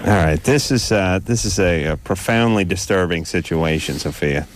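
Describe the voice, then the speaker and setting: A man's voice: low voice, moderate pace, a little hiss or hum. A man co-hosting a late-night call-in radio show, blunt and sardonic with the callers.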